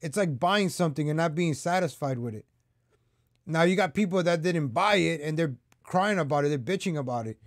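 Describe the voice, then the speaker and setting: A man's voice: on the high side, lively intonation, brisk, no echo, clean studio sound. A man hosting his own political commentary vlog, talking straight to his viewers in a heated, repetitive rant. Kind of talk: ranting opinion vlog.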